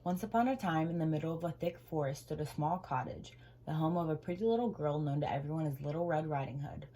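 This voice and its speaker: A woman reading a children's storybook aloud with gentle, expressive storytelling. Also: deep voice, fast, poor audio.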